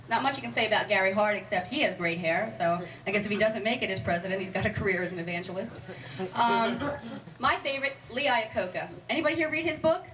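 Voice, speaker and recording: A woman's voice: on the high side, fairly bright tone. A woman doing a stand-up comedy set in a club, chatty and wry, teasing the audience. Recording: live room recording from a distant mic with audible noise.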